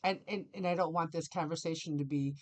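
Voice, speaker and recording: A middle-aged woman therapist hosting a casual podcast conversation, animated and quick to act out other people's voices. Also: sits low. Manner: animated, acts out clients' voices in quotes.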